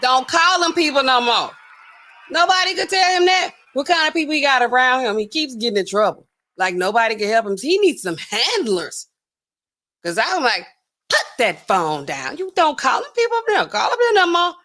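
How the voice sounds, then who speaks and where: A woman with a Southern US accent hosting a podcast, telling stories in a slangy, laughing, animated way and acting out other people's voices. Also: high-pitched, moderate pace. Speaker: podcast host. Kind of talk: casual storytelling commentary.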